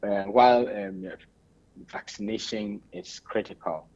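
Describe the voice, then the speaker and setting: A man with a Ghanaian accent, a radio interview guest giving measured, explanatory answers. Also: on the low side, steady tone, a little mellow, lo-fi sound, slight background noise.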